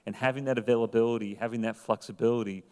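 A man speaking on a conference panel as a retail executive, explaining business practices in a measured way. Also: mid-range voice, fairly even intonation, a little mellow. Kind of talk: panel discussion. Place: conference hall. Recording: echoey conference hall.

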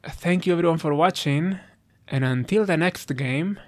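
A man's voice: a little high, moderate pace, a little mellow. A man hosting a let's play, reacting to a game ending with chuckles and then reflecting on it, tearing up. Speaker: gaming channel host. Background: faint game music.

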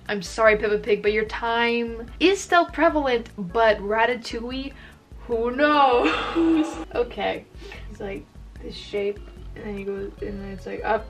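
A woman's voice: fairly high pitch, recorded from a distance, rough recording. Chatty young woman rambling while painting. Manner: rambling, self-mocking, chatty. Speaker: YouTuber. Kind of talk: casual chat while painting.

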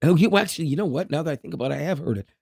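Gravelly Canadian man, laughing ramble. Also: fairly high pitch, expressive, racing, darkish tone, no room sound, clean studio sound. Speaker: podcast co-host. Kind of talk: casual chat.

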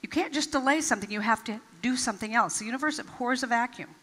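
A woman delivers an inspirational stage talk in a large event hall, her voice bright and fairly high. She tells personal stories and acts out quotes, leaning on emphatic pauses. Long reverb from the hall trails her words. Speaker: motivational speaker.

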